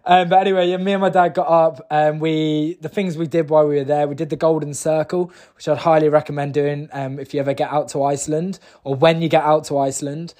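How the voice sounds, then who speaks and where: A man's voice: a little high, flat delivery, fairly quick, hardly any pauses, darkish tone. Enthusiastic British man telling a story. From United Kingdom. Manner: chatty, enthusiastic, many fillers and restarts. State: briefly emotional. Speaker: motivational speaker. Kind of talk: casual storytelling and motivational talk.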